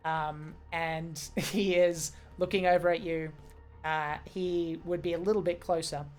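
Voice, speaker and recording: A woman narrating as game master of a tabletop game, describing scenes with many pauses and fillers. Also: on the low side, flat delivery, a little mellow, faint music behind.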